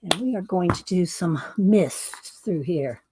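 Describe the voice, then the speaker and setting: A woman's voice: on the low side, expressive, takes it slowly, darkish tone, breathy edge. A middle-aged woman hosting a casual art livestream from her home craft room, chatting to viewers as she works. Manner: chatty, talks to viewers while working.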